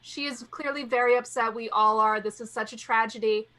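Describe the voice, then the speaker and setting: A woman's voice: fairly high pitch, steady tone, brisk, sharp tone. A woman voicing a sweet, soothing female adventurer playing good cop with an overly polite customer-service tone.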